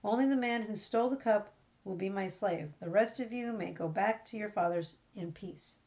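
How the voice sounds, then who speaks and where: A woman reading out the part of a stern, powerful male ruler in a measured, plain reading voice. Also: mid-range voice, a little mellow, lightly acted. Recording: dull lo-fi recording.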